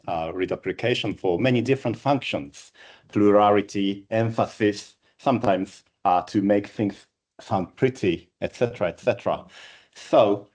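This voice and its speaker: A man's voice: lowish voice, darkish tone. A man whose first language is Japanese, co-presenting an academic talk in English with hesitant fillers. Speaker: conference co-presenter.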